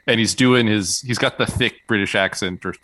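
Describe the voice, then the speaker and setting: Low, bright-voiced male co-host. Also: normal speed, no room sound, rough recording. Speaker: podcast co-host. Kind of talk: casual chat.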